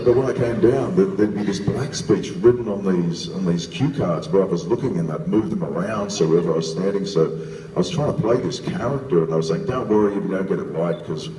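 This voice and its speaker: A man's voice: low-pitched, warm tone, a little hiss or hum. A man on a convention panel telling a rambling, enthusiastic story about his voice work. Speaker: panelist, voice actor. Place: convention hall. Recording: echoey hall from far off.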